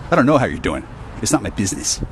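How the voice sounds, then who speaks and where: A man's voice: fairly low pitch, big pitch swings, very fast, slight background noise. A man ranting in an angry, profane monologue to camera, rambling with stammered restarts and sighs, recorded outdoors on a city street. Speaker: vlogger.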